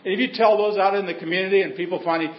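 A man's voice: high voice, steady tone, very fast, echoey room, lo-fi sound, slight background noise. A male pastor preaching a sermon in a church, telling stories in a conversational, humorous way.

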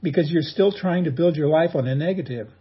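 Husky-voiced pastor preaching a sermon. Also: male voice, a little high, fairly quick, lo-fi sound. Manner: folksy, humorous storytelling.

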